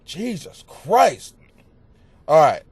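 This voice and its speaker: A man hosting a comedy podcast, reading out listener questions and answering them in a crude, profane, mocking rant that swings into yelling. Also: on the high side, sing-song, very slow, breathy edge, no echo. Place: home basement.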